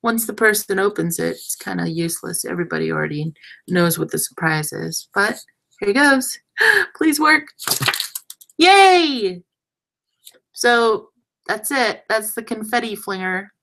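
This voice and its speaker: A woman's voice: medium pitch, moderate pace, gravelly, a bit bright, rough recording. A young adult woman hosting a casual crafting livestream, chatty and self-deprecating, trailing off mid-sentence as she works with her hands.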